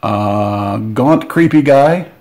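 Excitable man unboxing a board game. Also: fairly low pitch, very slow, slight background noise. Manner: excitable, joking asides. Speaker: board game channel host. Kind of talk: casual unboxing commentary.

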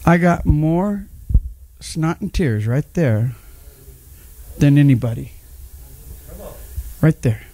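A man's voice: fairly high pitch, lively intonation, slow, pauses often, warm tone. A middle-aged man preaching a sermon as pastor, sharing his own testimony and calling on the congregation to respond. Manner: personal testimony, emphatic, calls on the congregation.

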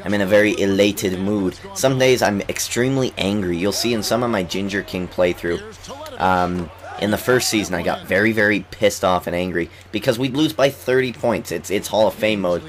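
A young man with a lowish voice talks over a basketball video game in loose, excitable commentary. He coughs now and then while getting over an illness and trash-talks the players on screen. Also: normal speed. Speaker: gaming YouTuber. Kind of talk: casual let's-play commentary.

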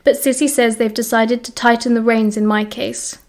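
A woman with a British accent reading the lines of a bitter, dramatic teenage boy wizard who enunciates crisply. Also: a little high, level tone, moderate pace, lightly acted.

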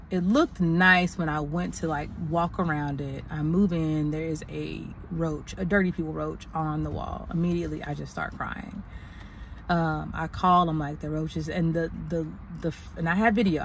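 A woman's voice: low voice, steady tone, a little slow, creaky, slight background noise. A young woman vlogging and telling a story in a casual, exasperated way, venting with slang. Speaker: doctoral student vlogger.

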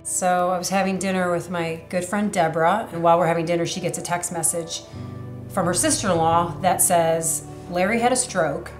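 A woman in her thirties shares her testimony in an earnest, emotional way, full of fillers and restarts. Her voice sits a little low. The room sounds echoey, with music playing clearly underneath. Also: steady tone, normal speed. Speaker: church member sharing her testimony. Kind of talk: personal testimony interview.

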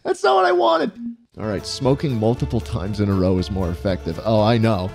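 Excitable, swearing man playing a game. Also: on the low side, brisk, gravelly, soft background music. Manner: profane, excitable, yelps and laughs often. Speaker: gaming YouTuber. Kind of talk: let's-play commentary.

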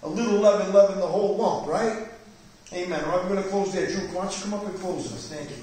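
A man's voice: sits high, fairly even intonation, fast talker, dark tone. A man pastor leading a Bible study sermon in a church, preaching fervently with rising emphasis. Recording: echoey church hall, distant mic.

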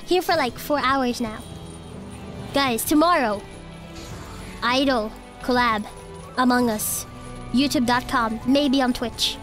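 A sick, coughing woman streamer chatting casually with viewers as she plays, giggly and swearing a lot. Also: sits high. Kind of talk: casual live-stream chat while gaming. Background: game music.

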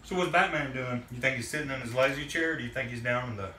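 A man narrating a playful toy battle with his son, animated and joking. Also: mid-range voice, quick pace, slight background noise. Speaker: father playing toys with his son. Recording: echoey room, far mic, loud music.

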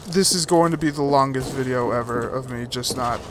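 A man giving live commentary on his own shooter game, excitable and self-mocking, who breaks into sudden whoops and cheers. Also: mid-range voice, fairly quick, noisy background. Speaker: gaming YouTuber. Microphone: desktop USB microphone. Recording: game gunfire loud behind voice. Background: shooter game gunfire and effects.

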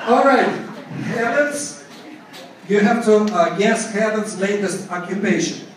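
Russian-accented party mc guy, really high voice, jokey quiz host, booming echoey hall, sounds far off. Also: steady tone, unhurried, a crowd in the background, background noise. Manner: jokey, playful, switches between English and Russian. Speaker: party MC running a trivia game. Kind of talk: party hosting, quiz questions to guests. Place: banquet room at a hotel party.

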